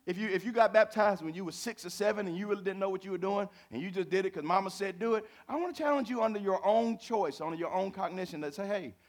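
Fervent preacher. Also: male voice, high voice, fast, hardly any pauses. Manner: dynamic preaching, swings from loud to hushed; conversational, folksy, addresses congregation directly. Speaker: pastor. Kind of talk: sermon.

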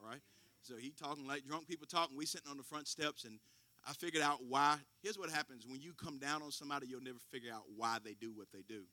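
Pastor, man, very bright voice, somewhat high, folksy storyteller who builds to loud preaching; dry close sound. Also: dry recording. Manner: folksy, informal grammar. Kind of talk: sermon.

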